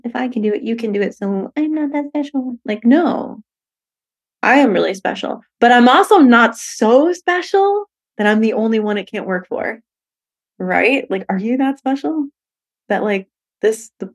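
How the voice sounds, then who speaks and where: A woman hosting a solo podcast, candid and profane, laughing often and acting out little voices as she talks. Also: medium pitch. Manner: animated, acts out voices in quotes. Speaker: podcast host. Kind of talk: casual solo podcast monologue.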